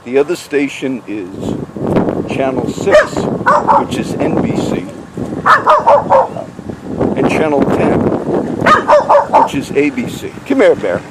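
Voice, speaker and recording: Man, casual rambling vlog talk, mid-pitched voice, wind and passing traffic behind. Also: takes it slowly, pauses often. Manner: chatty, loses his train of thought. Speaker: vlogger. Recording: outdoor wind and traffic noise.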